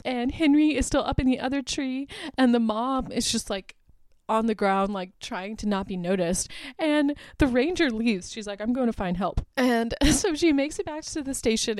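A woman's voice: on the high side, no echo. A woman hosting a podcast, recapping a movie in a casual, chatty way with frequent laughs and filler words. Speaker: podcast host.

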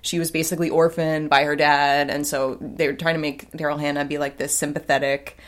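A woman's voice: low voice, flat delivery, brisk. A woman co-hosting a podcast, casually recapping a film in a rambling way with many fillers and restarts. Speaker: podcast co-host.

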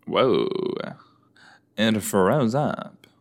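Slow, low-voiced man joking casually. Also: lively intonation. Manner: chatty, joking, many fillers. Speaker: reaction video host. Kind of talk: casual reaction commentary.

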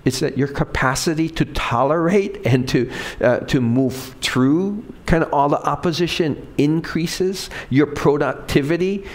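A man's voice: a little high, unhurried. A middle-aged male pastor giving a conversational sermon, asking the congregation questions and acting out quoted lines in different voices.

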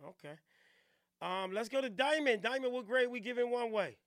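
A man's voice: very high voice, normal speed, a bit bright, dry recording, clean studio sound. A man hosting a podcast, playful and teasing in slangy casual chat. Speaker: podcast host.

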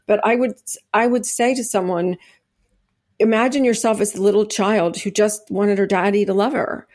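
A woman's voice: medium pitch, steady tone, moderate pace, a little mellow. Earnest woman sharing personal testimony. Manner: earnest, rambling with many restarts and fillers. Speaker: guest. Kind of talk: conversational interview, personal testimony.

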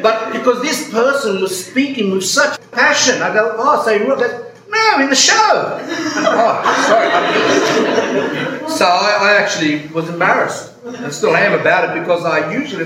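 Priest, roomy rambling talk. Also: male voice, on the high side, sharp tone. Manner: rambling, self-interrupting storytelling. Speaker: Orthodox priest giving a talk. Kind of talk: casual spoken talk with questions. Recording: roomy hall, background noise.

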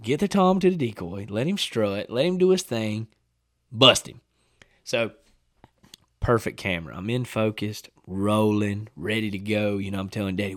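A man's voice: lowish voice, moderate pace, dry recording, clean studio sound. A man, telling hunting stories in a casual chat and acting out what people said. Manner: animated storyteller, acts out quotes, laughs often. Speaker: hunting storyteller guest.

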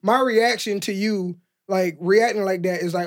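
Brief: male podcast co-host with a high voice, rambling casual talker, lots of "like". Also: moderate pace, few pauses. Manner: rambling, heavy use of "like", acts out quoted exchanges. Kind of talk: casual chat.

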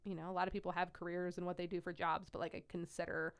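A young woman working as a pediatric nurse, telling stories in an animated interview with many "like" fillers. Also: on the low side, quick pace, vocal fry, clear, resonant tone. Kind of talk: conversational interview storytelling.

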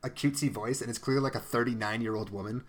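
A man's voice: mid-range voice, fast talker, a crowd in the background. A young man co-hosting an anime podcast, ranting sarcastically with plenty of swearing. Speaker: podcast co-host. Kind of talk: casual chat, anime review podcast.

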